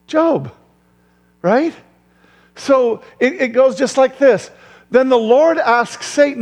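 A male pastor preaching a sermon in a church, lively, throwing questions to the crowd and chuckling often. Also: very high-pitched, big-room sound.

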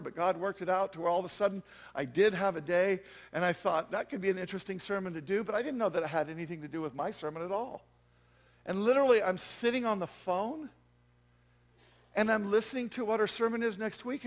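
A man's voice: sits high, a little fast, vocal fry. A man preaching a sermon as pastor, conversational and self-deprecating, with frequent asides to the congregation.

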